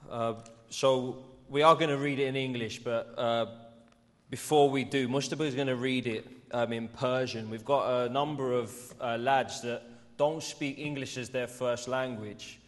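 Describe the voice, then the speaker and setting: A man addresses a church congregation as pastor in an easygoing, informal way. His voice has a medium pitch and carries a long echo from the hall. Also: fairly even intonation, normal speed, fairly bright tone. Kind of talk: sermon. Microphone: clip-on mic.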